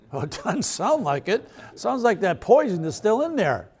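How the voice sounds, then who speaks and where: A man's voice: high voice, big pitch swings, measured pace, darkish tone, husky. A male pastor preaching a sermon in a conversational way, asking the crowd questions and laughing between points.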